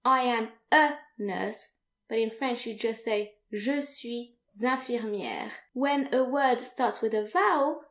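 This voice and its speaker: Slow-spoken woman teaching French phrases. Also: on the high side, a bit bright, roomy sound. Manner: slow, careful, repeats phrases for learners. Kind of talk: online language lesson.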